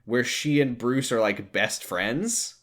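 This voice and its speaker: A man cohosting a casual chat podcast, walking through the plot in a flat, deadpan way. His voice still moves a lot in pitch as he talks, rising and dipping through each sentence. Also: takes it slowly. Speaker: podcast host recapping a movie.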